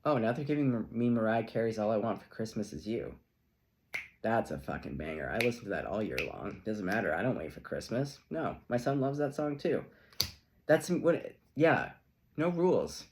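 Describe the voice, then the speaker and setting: Animated middle-aged man reading tarot. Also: lowish voice, normal speed. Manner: animated, chatty, laughing often, playful asides. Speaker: tarot reader. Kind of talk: casual tarot reading to camera.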